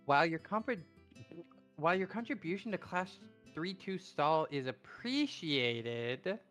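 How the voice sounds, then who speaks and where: A man's voice: fairly high pitch, animated, unhurried, fairly bright tone, faint music behind. A man doing a valley-girl student council president. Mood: scolding. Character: stern young female student council president. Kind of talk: voice acting while reading a visual novel on stream.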